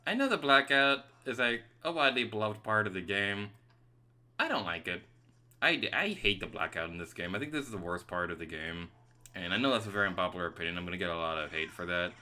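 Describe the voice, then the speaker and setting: A man giving excitable, casual commentary over his own gameplay as a let's play host. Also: deep voice, fast talker. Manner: excitable, venting frustration at the game.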